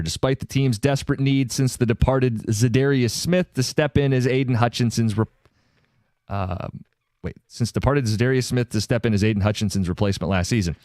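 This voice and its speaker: A man hosting sports talk radio in a studio, briskly reading listener texts and news statements aloud. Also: medium pitch, darkish tone, no echo.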